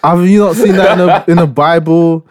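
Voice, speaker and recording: A man's voice: on the high side, fairly even intonation, normal speed, no echo, clean studio sound. A young man, co-hosting a casual podcast chat, joking in a mock-serious way. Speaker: podcast co-host. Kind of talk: casual banter.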